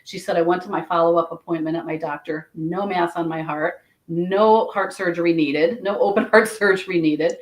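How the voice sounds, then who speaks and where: A woman's voice: lowish voice, steady tone, moderate pace, few pauses, low-quality recording. A woman who reads Akashic Records, telling a story in a casual, chatty way with many restarts. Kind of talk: casual storytelling in a podcast chat.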